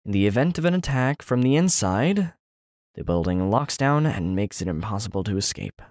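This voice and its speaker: A man playing a deadpan young man who explains the plan, in a fan audio drama. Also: on the low side, normal speed, dry recording, studio quality, natural voice.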